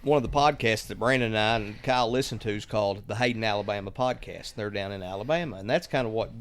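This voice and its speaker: A man's voice: on the low side, quick pace, a bit bright. A man with a Kentucky accent co-hosting a podcast in easygoing casual chat. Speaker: podcast co-host.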